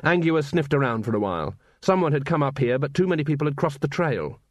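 A man narrates a novel aloud in a measured, expressive way, his voice a touch high. The sound is dry and close, with no room echo. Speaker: audiobook narrator. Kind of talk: scripted narration.

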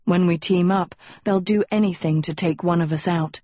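A woman voicing a confident, protective young prince in an audiobook, lowering her voice and speaking in an assured, commanding way. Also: fairly even intonation, normal speed, warm tone, dry recording, lightly acted. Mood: earnest.

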